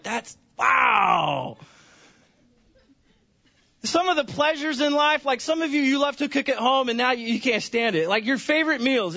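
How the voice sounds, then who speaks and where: A man's voice: extremely high pitch, pushed and bright, lo-fi sound. A man preaching a Sunday sermon in a church, conversational, often repeating words and restarting phrases. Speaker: pastor.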